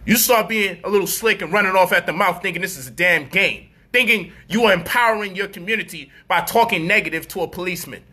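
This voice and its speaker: High, sharp-voiced man ranting mockingly. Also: fast, few pauses. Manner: animated, profane, mocking, acts out quoted voices. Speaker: commentator. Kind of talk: street-style commentary monologue.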